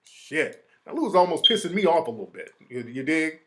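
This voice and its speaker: Animated streetwise male host. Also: fairly high pitch, a little fast, background noise. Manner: animated, streetwise slang, mimics others. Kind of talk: casual monologue.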